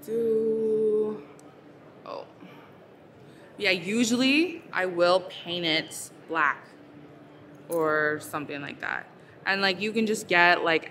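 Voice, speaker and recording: A chatty woman streaming live, slow and unhurried, her voice bright and clear. She fills her talk with "like" and "so" while she works with her hands. Faint noise of a busy convention sits behind her. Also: lowish voice. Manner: chatty, lots of fillers, talking while crafting. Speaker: ASMR creator. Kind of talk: casual live-stream chat.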